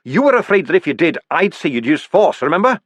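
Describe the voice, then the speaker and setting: A man's voice: fairly high pitch, sing-song, fast, dry recording, voice pushed up. A man voicing an earnest dwarf priest who speaks in an urgent, persuasive way.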